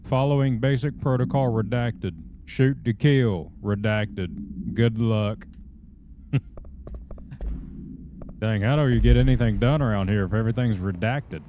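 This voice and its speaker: A man's voice: medium pitch, measured pace, pauses often, noisy background. A man with a Southern US accent giving folksy, drawling live commentary while streaming a game. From southern United States.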